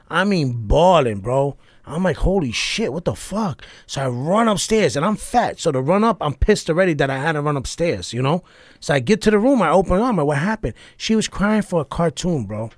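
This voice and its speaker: A middle-aged man, a comedian guest, telling stories in a profane, animated, punchy way. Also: fairly high pitch, no room sound. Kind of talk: casual storytelling chat.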